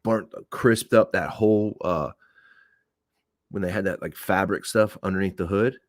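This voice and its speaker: A low-voiced Oklahoma man hosting a podcast tells stories casually to a live audience, animated and profane, with big pitch jumps as he acts out quoted voices. He's unhurried, and the studio-quality recording has no room sound.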